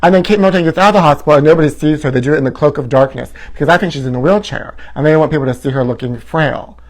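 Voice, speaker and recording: A man's voice: a little high, rapid-fire. A man hosting a comedy show, delivering a campy, sassy and theatrical tabloid gossip monologue.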